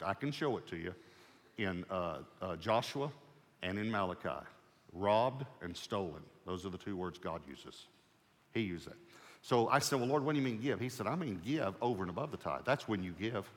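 Pastor, male, lower register, storytelling sermon, conversational with light humor, long hall reverb. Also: a bit bright.

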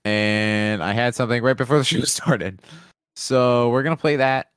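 A man's voice: medium pitch, moderate pace, clean tone, dry recording, studio quality. A man co-hosting a live podcast, joking and swearing casually in loose banter. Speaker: podcast co-host.

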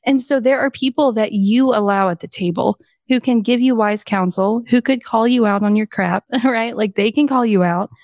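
A woman's voice: a little high, moderate pace, few pauses, darkish tone, no room sound, studio quality. A young woman guest chatting casually in an interview, telling stories in a bubbly way and laughing often. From southern United States. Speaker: guest, coaching company executive.

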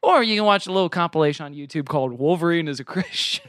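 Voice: medium pitch, animated, fast, a bit bright, no echo, clean studio sound. A podcast host in casual chat, recapping an episode with frequent laughs. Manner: chatty, laughing while recapping.

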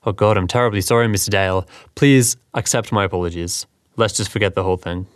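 Earnest young businessman, courteous and curious, low and dry, read by a man. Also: fast, dry recording, close to an everyday voice. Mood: polite. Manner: polite, apologetic.

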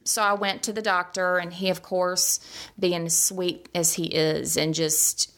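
A woman's voice: on the low side, flat delivery, a little slow, fairly bright tone. A woman telling a personal story in a chatty way, acting out what people said. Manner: chatty, acts out quoted voices.

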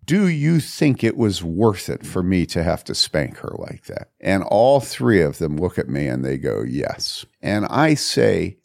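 Gravelly older man telling a story. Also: sits low, very animated, measured pace, hardly any pauses, no echo, studio quality. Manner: earnest, emphatic storytelling with repetition. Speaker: pastor. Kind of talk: storytelling on a podcast.

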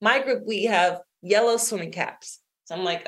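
A middle-aged woman, an interview guest and author, telling a personal story in conversation, lively and quick to laugh. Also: medium pitch.

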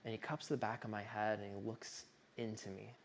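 A man's voice: fairly low pitch, flat delivery, a little fast, vocal fry, slight background noise. A young man telling a personal story in an earnest, conversational way, full of casual fillers and speaking of his own grief with feeling.

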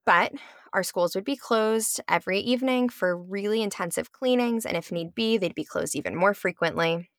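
A woman's voice: medium pitch, moderate pace, no room sound, studio quality. A young woman, a public school teacher, telling a personal story at home in a conversational way, with frequent ums and likes. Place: her home.

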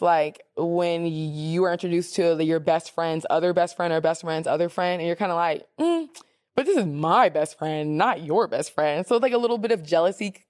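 A woman with a lowish voice hosts a casual advice podcast, animated and sassy as she reads listener questions and acts out the voices she quotes. The studio-quality recording has no echo.

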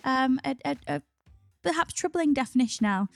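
A woman's voice: sits high, lively intonation, normal speed, dry recording, faint music behind. A woman co-hosting a podcast, chatting in an upbeat way and often laughing. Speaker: podcast co-host. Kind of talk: casual podcast chat.

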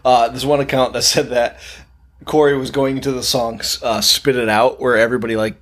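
A man's voice: mid-range voice, level tone, a little fast. A young man co-hosting a podcast, telling stories in casual, profane chat and laughing often. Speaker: podcast co-host.

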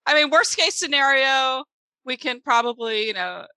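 A woman's voice: sits high, lively intonation, normal speed, bright, forceful tone, dry recording, low-quality recording. A woman, an author and podcast co-host, chatting casually and laughing often.

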